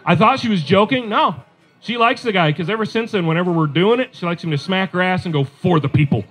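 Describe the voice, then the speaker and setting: Male stand-up comic, middle-aged, high-pitched, chatty and self-deprecating, talks straight to the crowd. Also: animated, quick pace, a bit bright, faint music behind. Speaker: stand-up comedian. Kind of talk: stand-up comedy set.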